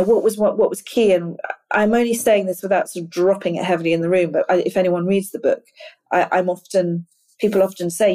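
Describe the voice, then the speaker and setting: A woman's voice: medium pitch, dark tone. A middle-aged woman speaking as an interview guest, talking in an earnest, reflective way that often halts on repeated words. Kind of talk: candid conversational interview.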